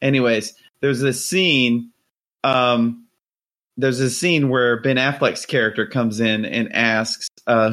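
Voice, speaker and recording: Male podcast host, middle-pitched, rambling casual storyteller. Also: takes it slowly, fairly bright tone. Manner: rambling storyteller, lots of restarts and fillers.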